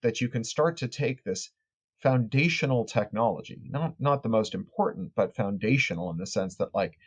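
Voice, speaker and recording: A man's voice: mid-range voice, moderate pace. A man, an author and tech critic, answering podcast interview questions in long, articulate explanations with frequent small restarts.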